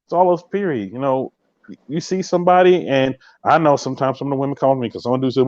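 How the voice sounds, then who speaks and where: A man hosts a live podcast and talks quickly and emphatically to his viewers. His voice sits at an ordinary pitch and sounds close and dry. The sound is a little muffled and lo-fi. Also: animated, no echo. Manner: emphatic, repeats catchphrases, speaks straight to viewers. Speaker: podcast host. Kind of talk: casual live-stream chat.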